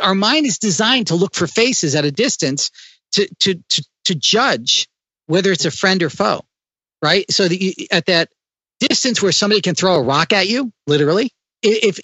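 A man speaking as an interview guest, explaining ideas in a lively way with frequent restarts. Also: a little high, no echo, dull audio. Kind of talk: conversational interview.

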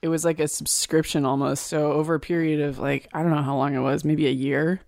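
Dry-voiced deadpan podcast co-host. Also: mid-range voice, a little fast, creaky, no echo. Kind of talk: casual chat.

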